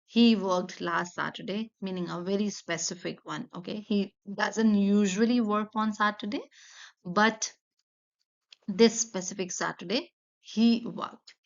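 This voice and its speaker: A woman's voice: mid-range voice, fairly even intonation, a little slow, vocal fry, lo-fi sound. Patient woman teaching a French lesson. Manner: patient, explains step by step with repeated examples. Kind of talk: online language lesson.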